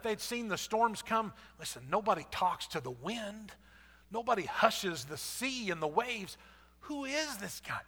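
High bright-voiced preacher in a hall. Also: male voice. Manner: storytelling, conversational, acts out quotes. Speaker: pastor. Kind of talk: sermon.

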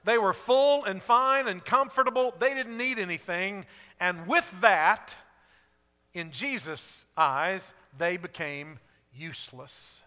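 A man preaching a sermon as a pastor, animated and acting out short dialogues. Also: sits high, slow, in a large hall.

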